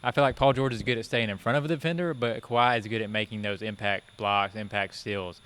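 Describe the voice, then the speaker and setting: A man with a bright, crisp voice talks on a casual sports podcast. He weighs each point calmly and often starts with "I feel like". He sounds steady and thoughtful. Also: fairly low pitch. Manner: measured, reasoned, lots of um and I feel like. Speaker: podcast co-host.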